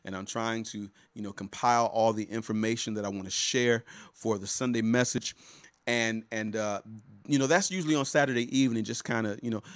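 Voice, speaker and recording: A man's voice: mid-range voice, no echo, studio quality. A man, a pastor and life coach, talks casually to viewers of a live stream, repeating words and greeting them by name as he goes. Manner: warm, chatty, repeats words and restarts often.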